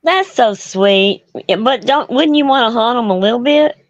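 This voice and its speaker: A woman's voice: fairly high pitch, normal speed, dry recording. A middle-aged woman hosting a casual chat, folksy and blunt, laughing often. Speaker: host. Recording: dull lo-fi sound.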